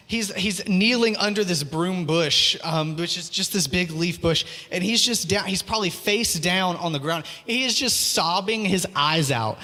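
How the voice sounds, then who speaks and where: A man's voice: high voice, pushed and bright. A man preaching a sermon, earnest and pleading, repeating his phrases; he also teaches school. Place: church hall. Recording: long hall reverb.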